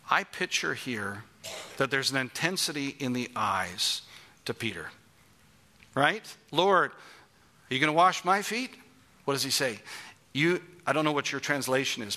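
A man's voice: mid-range voice, vocal fry, sharp tone. A middle-aged man preaching a sermon, emphatic and asking the congregation questions.

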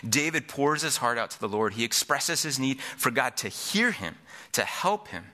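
A man's voice: medium pitch, pushed and bright. A middle-aged man preaching a sermon as pastor, earnest, repeating each point for emphasis.

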